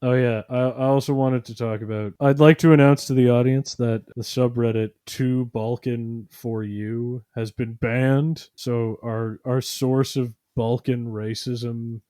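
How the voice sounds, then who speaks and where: A man's voice: medium pitch, steady tone, a little slow, hardly any pauses, dark tone, no room sound, studio quality. Rambling sarcastic man, podcast co-host. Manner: rambling, sarcastic, lots of fillers and mock voices. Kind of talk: casual podcast chat.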